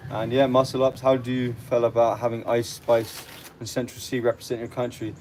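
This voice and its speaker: A man hosting a casual livestream, a fitness trainer answering viewers' questions in relaxed short lists. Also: medium pitch, a little fast, faint music behind.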